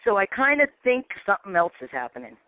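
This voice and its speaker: A woman's voice: medium pitch, very animated, quick pace, slight background noise. A woman who is a paranormal investigator, telling a long story in a phone interview and acting out the dialogue. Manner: rambling, acts out dialogue with "I'm like". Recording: tinny dry phone line.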